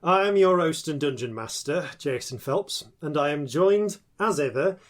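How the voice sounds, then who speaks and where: Guy running a d&d podcast, bit high voice, jokey, keeps tripping over his words. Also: animated, normal speed. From Yorkshire, England. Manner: playful, laughing, stumbles and restarts. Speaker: host and dungeon master. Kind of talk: casual podcast banter.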